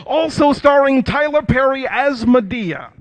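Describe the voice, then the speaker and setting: A man doing a dramatic movie-trailer announcer voice, slow and loud. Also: extremely high pitch, animated, dry recording, highs cut off, exaggerated voice.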